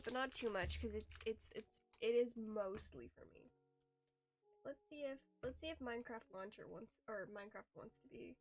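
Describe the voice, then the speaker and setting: A woman's voice: fairly high pitch, a bit bright. A woman streamer chatting casually while she plays, rambling and restarting her sentences with little giggles. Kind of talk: casual live-stream chat while gaming. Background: faint background music.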